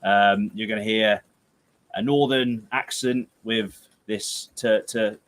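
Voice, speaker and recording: A man's voice: fairly low pitch, fairly even intonation, slow pace, fairly bright tone. A young man with a Gloucestershire and Herefordshire accent hosts a football livestream. He chats casually and reads out viewer comments. He jokes, rambles, sounds tired and breaks into playful outbursts. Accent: Gloucestershire/Herefordshire English. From England.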